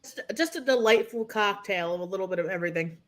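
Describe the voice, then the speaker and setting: A woman's voice: mid-range voice, fast talker, fairly bright tone, a little hiss or hum. A woman co-hosting a casual online talk show, mocking a streamer with crude, sarcastic remarks and frequent laughter. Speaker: podcast co-host. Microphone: personal mic at home.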